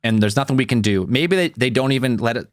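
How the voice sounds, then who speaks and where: A man's voice: mid-range voice, animated, no room sound, clean studio sound. A man co-hosting a podcast, rambling and swearing freely in casual chat. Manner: rambling, swears, quick to joke. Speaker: podcast co-host.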